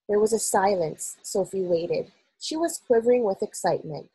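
Brief: woman narrator, husky storybook voice, expressive and measured. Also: mid-range voice, no echo, low-quality recording. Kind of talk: reading a children's novel aloud.

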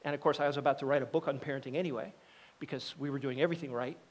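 A man's voice: mid-range voice, fairly even intonation, very fast. A middle-aged man preaching a sermon as a pastor, talking conversationally and acting out the voices of people in his stories. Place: church sanctuary.

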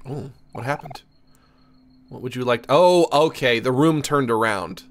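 A man's voice: medium pitch, unhurried. A man streaming a game, reading its text aloud and joking between laughs. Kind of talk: casual let's-play commentary.

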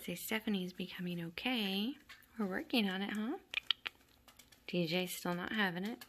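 A woman in an indoor room who plays with kittens and laughs a lot, using high sing-song baby talk that drops to soft whispers, then calmly explaining how to socialize them. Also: moderate pace, slight background noise. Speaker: animal rescue volunteer. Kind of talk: casual narration while playing with kittens.

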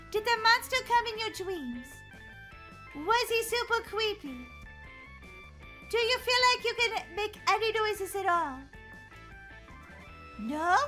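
A bossy, teasing young girl, played by a woman, chatters in a very high, squeaky voice. She pokes fun at her sister in a roleplay game scene. Music runs underneath. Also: pushed and bright, exaggerated voice. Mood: curious. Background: background music.

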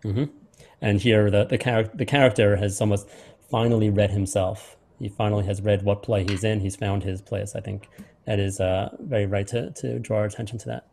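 Low, mellow-voiced male lecturer. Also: fairly even intonation, vocal fry, slight background noise. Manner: measured, drawing out key words. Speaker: host and lecturer. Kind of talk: close reading of a speech.

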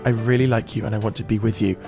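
A young man reading out a calm blocky game hero on a date. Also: fairly low pitch, racing, creaky, over music. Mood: soothing. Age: 20s.

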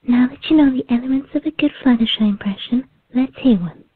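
A woman's voice: high voice, fairly quick, breathy edge, dry recording. A woman playing a cheerful voice coach. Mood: encouraging. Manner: encouraging, instructive. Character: upbeat female voice coach lesson clip. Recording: phone-like radio audio.

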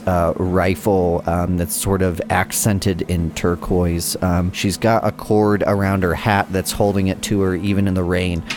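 Deep-voiced man running a tabletop game. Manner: relaxed, unhurried narration with frequent pauses and chuckles. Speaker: game master.

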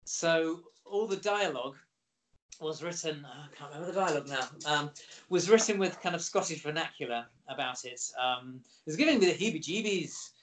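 Middle-aged guy, animated storyteller, kinda high voice, chatty interview guest. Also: a little fast, slight background noise. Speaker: actor guest. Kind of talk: casual interview anecdotes.

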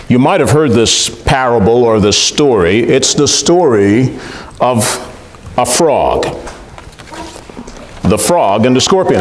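A male pastor preaching a sermon, animated, often putting questions to the congregation. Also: mid-range voice, echoey room, a little hiss or hum.

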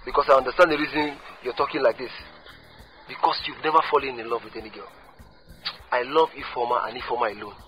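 A man's voice: mid-range voice, fairly even intonation, fast talker, muffled recording, faint music behind, lightly acted. An actor with a Nigerian accent playing a lovesick young man who pleads and stammers. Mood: earnest. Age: young adult.

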